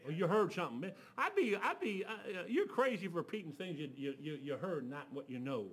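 A man's voice: high voice, sing-song, brisk, a bit bright. A man preaching a storytelling sermon. He talks in a folksy way, restarts his sentences often and acts out the voices of the people in his stories. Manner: folksy, with restarts and filler words.

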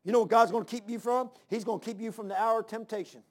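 A man's voice: sits high, steady tone, fast. A man in his sixties preaching a sermon, emphatic and folksy, repeating phrases and calling out amen and hallelujah. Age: 60s. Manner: folksy, drawls "man" and "ain't".

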